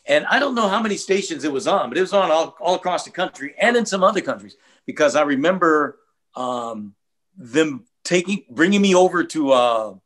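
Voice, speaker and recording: An older man, a guest and radio host, talking in a relaxed, reflective way about his career in an interview. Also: fairly high pitch, brisk. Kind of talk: casual interview chat.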